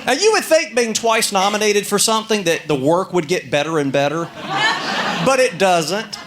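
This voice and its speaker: A man doing a stand-up comedy routine, telling stories deadpan and acting out the people in them. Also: high voice, normal speed, over a noisy crowd, very noisy. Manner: deadpan storytelling with quoted characters.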